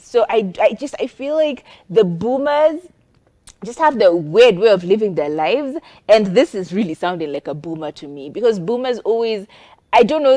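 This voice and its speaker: A young woman, co-hosting a casual advice chat, animated and expressive with disgusted exclamations. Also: mid-range voice. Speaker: talk show co-host.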